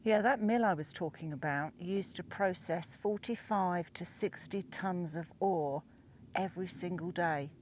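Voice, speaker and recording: A woman's voice: on the low side, measured pace, slight background noise. A woman chatting outdoors on a mountainside, explaining local history she researched. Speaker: co-host and researcher. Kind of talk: casual chat.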